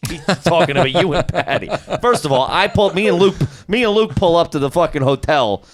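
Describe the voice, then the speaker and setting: A tipsy man telling rowdy, profane stories in an animated way, laughing through casual podcast chat. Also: on the high side, brisk. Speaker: podcast guest.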